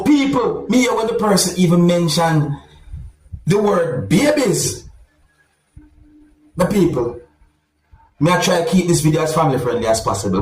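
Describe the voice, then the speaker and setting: Animated man commenting on clips. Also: high-pitched, echoey room, distant mic, rough recording. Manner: animated, repeats "my people". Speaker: vlog host.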